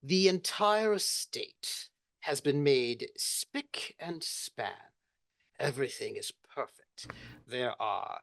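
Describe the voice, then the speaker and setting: A game facilitator paints a scene for the players in a slow, halting narration. The pitch moves a lot even as the delivery drags. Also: gravelly.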